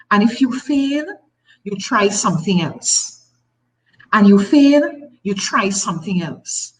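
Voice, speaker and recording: A woman's voice: a little high, low-quality recording. A middle-aged woman with a Tobagonian accent, a talk show guest telling a personal story with emphatic repetition. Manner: emphatic, repeats phrases, animated storytelling.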